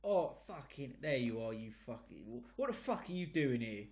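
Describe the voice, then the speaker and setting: A man's voice: medium pitch, sing-song, normal speed, darkish tone. A man voicing a cranky wizard who talks like a London geezer, swearing his way through every line. He mutters and blusters, all bullying and bluster. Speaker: game master voicing a character.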